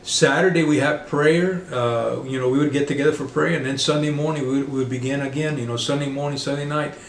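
A middle-aged man preaching a sermon, halting often with fillers and restarts. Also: medium pitch, fairly even intonation, reverberant, slight background noise.

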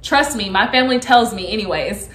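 A woman's voice: brisk, roomy sound. A woman, a vlogger chatting casually and telling a story with lots of laughter. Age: 30s. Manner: animated, laughing, acts out quotes in a high excited voice.

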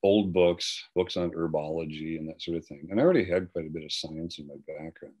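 An older man with a low, deep voice recounts his own story as a personal testimony. He speaks earnestly and haltingly, often restarting his sentences. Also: darkish tone, slightly rough. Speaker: guest speaker.

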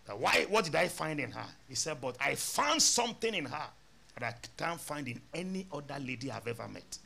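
A man's voice: fairly high pitch, sing-song, a little fast, vocal fry, bright, forceful tone. A male pastor, telling a story in a sermon and acting out both sides of the dialogue.

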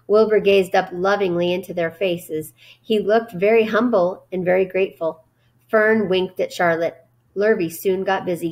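Female teacher, storybook read-aloud, gentle and steady. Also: medium pitch.

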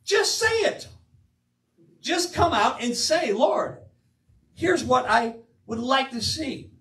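Older man, pastor, emphatic sermon, high voice; roomy church sound, mic at a distance. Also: slow pace. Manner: animated, emphatic preaching with quoted asides. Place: church sanctuary.

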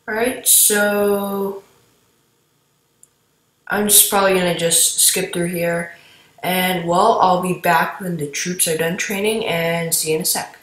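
A woman's voice: lowish voice, fairly bright tone. A woman giving casual, rambling commentary while playing a game and talking to her viewers. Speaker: gameplay commentator. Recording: echoey room.

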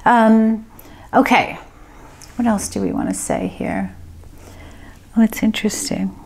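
A woman working as a medium, giving a group reading and thinking aloud in a casual, hesitant way with many pauses and fillers. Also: fairly high pitch, steady tone, darkish tone, slight background noise.

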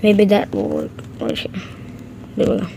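A woman casually commenting on her own gameplay, excitable and repeating short exclamations. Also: mid-range voice, normal speed, gravelly, background noise. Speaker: gaming channel host.

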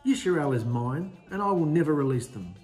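A man's voice: fairly high pitch, expressive, normal speed, soft background music, natural voice. A man playing a sneering arrogant Pharaoh. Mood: scornful. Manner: mocking, sneering, shouting orders. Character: arrogant scornful male Pharaoh, a king.

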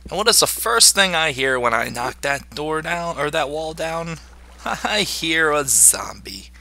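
A man's voice: a little high, very animated, a little slow, gravelly, sharp tone. A man giving chatty video game commentary, joking and talking to the monsters in the game. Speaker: gamer.

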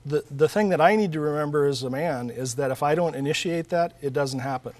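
A man's voice: fairly high pitch, a little fast, a little mellow. A man, an author and guest in an interview, talking earnestly about faith and family, telling stories with frequent restarts. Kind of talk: interview conversation.

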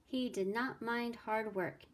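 Female teacher reading aloud; slow, unhurried delivery, sing-song verses. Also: fairly high pitch, fairly even intonation. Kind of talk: storybook read-aloud.

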